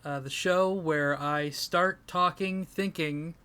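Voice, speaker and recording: A man's voice: a little high, fairly even intonation, slow pace, bright, forceful tone, smooth. A man co-hosting a casual comedy podcast, rambling and self-deprecating, sleep-deprived and breaking into laughter. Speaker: podcast co-host.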